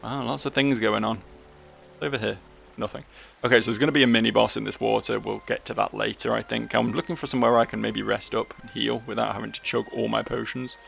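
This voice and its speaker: A man's voice: on the low side, little pitch movement, fast talker, creaky, fairly bright tone, faint music behind. A man giving casual, rambling, self-mocking commentary as host of a let's play video.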